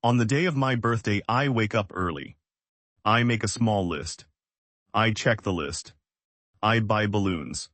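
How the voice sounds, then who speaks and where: A man reading a simple, scripted English lesson and asking learners to repeat after him, in plain, even sentences. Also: fairly low pitch, measured pace, dry recording. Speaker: English teacher.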